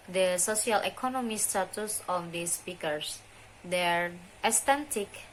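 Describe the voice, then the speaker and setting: A young woman, a student, presenting a phonology lesson in slow, halting, deliberate speech. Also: lowish voice, fairly bright tone, a little hiss or hum, low-quality recording. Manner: deliberate, halting delivery with restarts and mispronounced terms. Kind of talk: slow, careful lesson reading.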